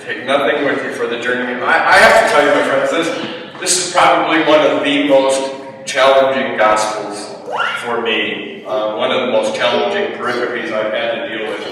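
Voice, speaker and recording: A man's voice: mid-range voice, flat delivery, moderate pace, pushed and bright, slight background noise. A man preaching a sermon as a priest, telling a story in a chatty homily manner. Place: church. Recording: echoey church from far off.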